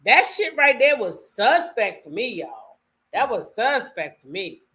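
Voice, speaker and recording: A woman host reacting to a video with loud exclamations and slang. Her voice is high and bright. Her pitch swoops all over as she talks. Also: sing-song, measured pace. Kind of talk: casual reaction commentary.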